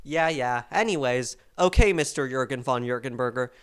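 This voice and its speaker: Deadpan sarcastic podcast host. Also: medium pitch, moderate pace, clear, resonant tone. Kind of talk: comedy podcast sketch.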